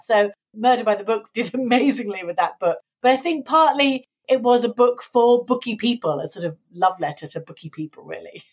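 Woman author, middle-aged, fairly high voice, chatty with tag questions. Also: breathy edge. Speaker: author guest. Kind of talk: casual interview chat.

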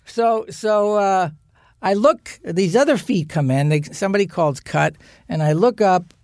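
Animated older man telling stories. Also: sits high, a little slow, no echo, studio quality. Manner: animated anecdotes, acts out quoted voices. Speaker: actor guest. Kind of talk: casual storytelling chat. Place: podcast studio.

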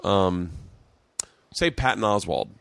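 Rambling, low-voiced man host. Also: slow, gravelly, fairly bright tone, dry recording. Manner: rambling storyteller, swears freely, acts out quoted voices. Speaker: podcast host. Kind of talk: casual comedic chat.

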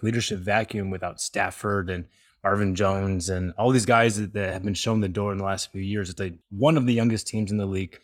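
A man's voice: on the low side, no echo, clean studio sound. A man hosting a sports podcast in casual, conversational chat, laughing easily. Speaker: sports reporter and podcast host.

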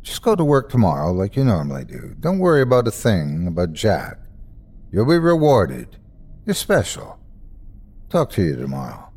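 A man voicing a mysterious, polite unseen presence that speaks through a computer screen, calm and quietly menacing. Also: on the low side, normal speed, husky, full character voice. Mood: ominous calm. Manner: calm, knowing, softly menacing.

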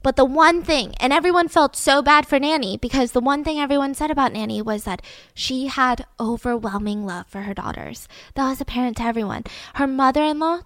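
A woman casually telling a true-crime story to a co-host, lively and animated, swearing now and then. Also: a little high, dry recording.

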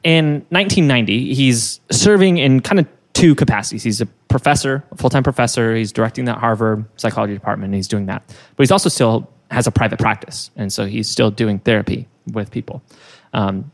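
Gravelly young man telling a story. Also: mid-range voice, brisk. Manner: rambling, many fillers, giggles often. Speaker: podcast co-host telling the story. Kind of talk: casual comedic storytelling.

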